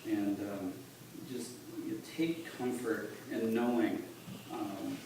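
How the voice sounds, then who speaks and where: A man giving a halting, earnest personal testimony at church, recorded on a phone from the congregation. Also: on the low side, vocal fry. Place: church sanctuary. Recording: echoey church on a distant phone, noisy.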